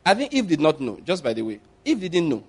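Animated preacher with a high voice. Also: male voice, fast talker, breathy edge. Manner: animated storytelling, acting out scenes. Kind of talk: sermon.

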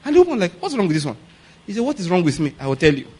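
A man's voice: high voice, huge pitch swings, very fast, dark tone, husky. A male pastor preaching a conversational sermon, asking rhetorical questions and laughing between points.

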